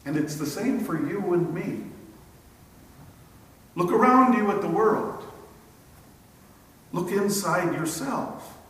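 A pastor preaching a sermon, slow and emphatic, with dramatic pauses. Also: male voice, high-pitched, expressive, fairly bright tone. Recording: echoey church hall from far off.

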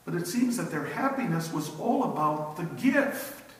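A male preacher giving a sermon with slow, emphatic storytelling and rhetorical questions. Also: high-pitched, sing-song, a bit bright. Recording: echoey hall from a distance.

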